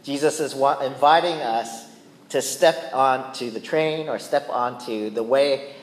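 A man's voice: mid-range voice, unhurried. A man preaching a sermon as pastor, conversational and playful, often checking in with the listeners. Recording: echoey church hall with long reverb.

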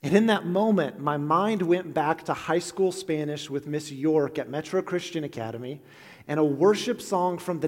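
Earnest pastor, slightly high voice, long reverb. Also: male voice. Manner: earnest storytelling with gentle self-deprecating humor. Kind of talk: sermon. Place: church sanctuary.

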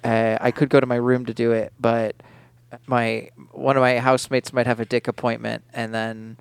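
A man guesting on a casual podcast chat, rambling in halting starts and jumping in to interrupt. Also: medium pitch, level tone, gravelly, smooth, no echo.

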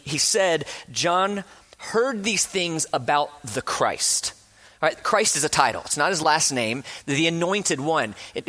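A man preaching a sermon, earnest, shifting between quick bursts and slow hushed emphasis. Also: fairly high pitch. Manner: earnest, speeds up and slows down, drops to a hush for emphasis; acts out quoted speakers with rising passion. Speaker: pastor.

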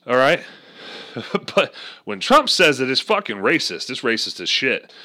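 A man in a loose, profane rant, joking and swearing freely. His voice sits at an ordinary male pitch, and he breaks off into mocking voices. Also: sing-song, unhurried, bright, forceful tone. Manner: crude, joking, swears often, does voices. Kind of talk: casual profane political rant.

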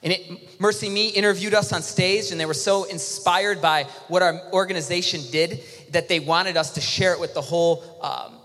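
A man from Michigan preaching a sermon to a large auditorium, earnest and often dropping to a soft, intimate hush. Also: high voice, fairly even intonation, normal speed, hardly any pauses. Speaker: worship leader and preacher. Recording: live hall with long reverb, faint music.

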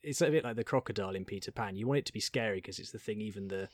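A man's voice: fairly low pitch, rapid-fire, dry recording. A man chatting casually in an interview, telling pantomime anecdotes with laughter. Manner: animated anecdotal storyteller, laughs often. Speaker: pantomime performer.

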